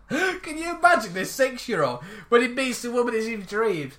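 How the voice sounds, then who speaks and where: Man, podcast co-host, high voice, very lively pitch, casual comic chat. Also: a little slow. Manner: laughs through his reading, animated. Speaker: podcast co-host reading news stories.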